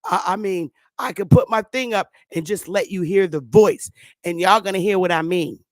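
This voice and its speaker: A woman hosting her own channel, chatting to viewers in a loose, profane way, laughing often and stammering when she gets excited. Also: on the low side, normal speed, no room sound, studio quality. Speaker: channel host. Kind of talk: casual commentary to viewers.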